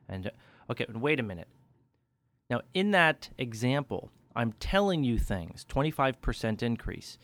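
Guy giving speech coaching tips, punchy and animated, medium voice, dead dry recording. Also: medium pitch, moderate pace, dry recording. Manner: energetic, varies inflection for emphasis. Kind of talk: instructional podcast tip.

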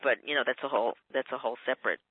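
A woman's voice: very deep voice, rapid-fire, husky, dry recording. Instructive woman on a tinny phone line. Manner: instructive, methodical, with fillers. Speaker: speech coach guest. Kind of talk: advice on a radio interview.

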